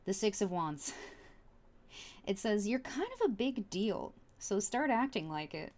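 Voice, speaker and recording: A woman giving a casual tarot reading, chatty and earnest, full of fillers and restarts, soft and heartfelt. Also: mid-range voice, animated, measured pace. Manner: soft and heartfelt, at times emotional. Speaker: tarot reader.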